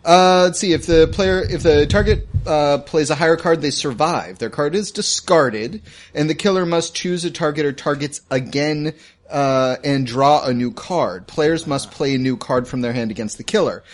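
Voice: mid-range voice, moderate pace. A game master casually reading out and explaining the rules of a tabletop horror game. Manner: reads rules aloud, casual. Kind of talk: tabletop role-play chat.

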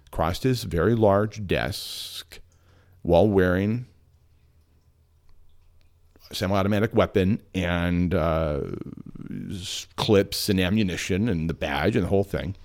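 A man in his fifties telling a personal story in an animated way, laughing now and then and acting out the quotes. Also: sits low, measured pace, pauses often. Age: 50s.

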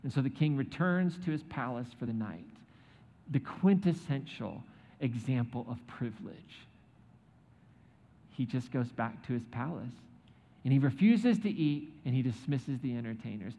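In an echoey hall with dull sound, a pastor retells a scripture story in his sermon, adding joking asides and acting out quotes. His voice is mid-range and warm, animated, at a moderate pace.

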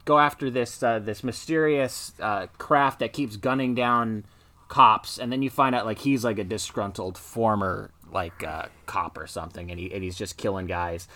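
A man's voice: on the low side, normal speed, pushed and bright. A man co-hosting a podcast, chatting casually in a rambling way with lots of filler words. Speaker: podcast co-host. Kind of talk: casual chat.

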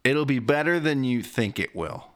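A man hosting a podcast, firing off quick questions and teasing his guest in casual chat. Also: medium pitch, expressive. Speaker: podcast host.

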